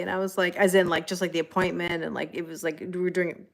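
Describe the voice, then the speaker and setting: A woman's voice: lowish voice, little pitch movement, fast, creaky. Chatty middle-aged woman reading tarot live. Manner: chatty, greets viewers by name, many fillers and light laughs. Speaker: tarot reader on a livestream. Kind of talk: live-stream casual chat.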